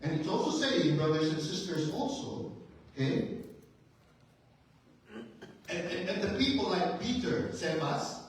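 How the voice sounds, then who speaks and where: A man's voice: high-pitched, expressive, measured pace, pauses often, slight background noise. A male pastor preaching a sermon with emphatic rhetorical questions, building to fervent intensity. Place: church sanctuary. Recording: very echoey church hall, mic at a distance.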